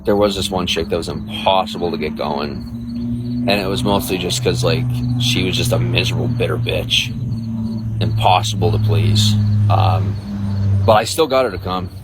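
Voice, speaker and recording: A man's voice: deep voice, moderate pace, loud music behind the voice, low-quality recording. A man livestreaming, chatting casually with viewers and reading out their comments in a crude, boastful, rambling way.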